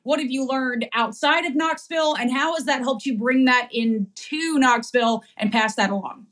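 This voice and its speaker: Upbeat woman host, high voice, laughs easy. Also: fairly bright tone. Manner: enthusiastic, quick to laugh. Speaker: podcast host. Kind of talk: casual interview.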